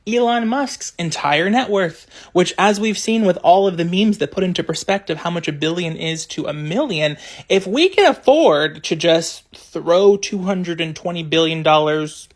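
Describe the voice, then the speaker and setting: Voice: mid-range voice, moderate pace. A social media commentator delivers a passionate opinion monologue straight to camera, firing off rhetorical questions, sarcastic asides and repeated words for emphasis.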